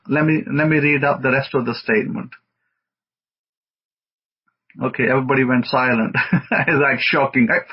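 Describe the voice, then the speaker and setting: A man's voice: mid-range voice, husky. A man, a rabbi, giving an informal teaching sermon in a conversational, rambling way with fillers. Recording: dull lo-fi audio.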